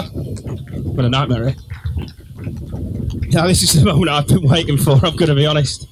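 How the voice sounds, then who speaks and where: A man's voice: a little high, moderate pace, pauses often, background noise. Chatty man announcing wedding speakers. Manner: chatty, joking asides. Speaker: wedding host introducing speakers. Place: wedding reception room.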